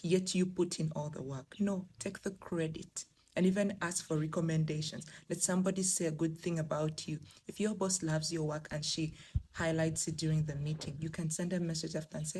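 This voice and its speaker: A woman's voice: sits low, fairly even intonation, brisk, mellow, slight background noise. A young woman from Africa giving emphatic, encouraging career advice straight to her viewers in a vlog. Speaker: remote work vlogger. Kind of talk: direct-to-camera advice vlog.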